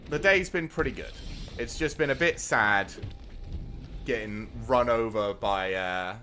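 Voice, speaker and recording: A man's voice: medium pitch, a little slow, pushed and bright, soft background music. A British man in his thirties, a streamer chatting to viewers while playing a card game. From Britain. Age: 30s. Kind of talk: casual gameplay commentary.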